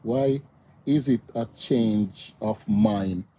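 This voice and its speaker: Male live streamer, mellow husky timbre, animated chatty delivery addressing chat. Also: lowish voice, extremely slow. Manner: animated, repetitive, talks to chat viewers. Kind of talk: casual live stream talk.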